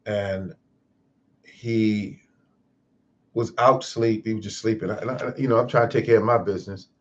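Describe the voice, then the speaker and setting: Hosting a casual live-stream gardening show, a man tells a reflective, moralizing story in a rambling way. His voice is fairly low, and the audio sounds dull.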